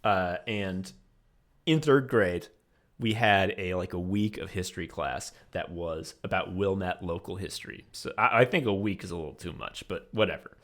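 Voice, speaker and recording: A man's voice: deep voice, moderate pace, a bit bright. A young man from the Chicago suburbs telling a profane, sardonic story as a podcast co-host. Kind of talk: casual chat, storytelling.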